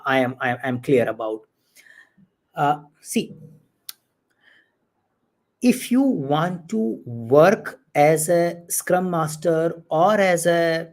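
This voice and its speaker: A man answering audience questions as the expert on a live online Q&A, halting with many repeated words and fillers. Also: a little high. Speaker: certification expert.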